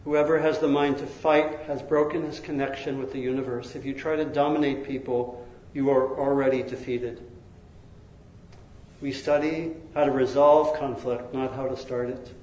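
A man narrating a story in a lively, expressive way, now and then laughing between lines. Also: medium pitch. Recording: roomy echo.

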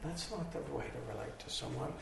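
A hoarse man giving a slow, reflective dharma talk to a group, pausing as he thinks. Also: mid-range voice, a bit bright. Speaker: meditation teacher. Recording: echoey hall from far off, faint noise.

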